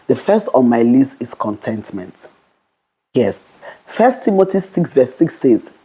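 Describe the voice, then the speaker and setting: Fast-talking woman with a husky dark voice. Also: a bass voice. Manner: talks fast and bold, repeats "okay". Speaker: vlogger. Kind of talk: motivational Christian talk to camera.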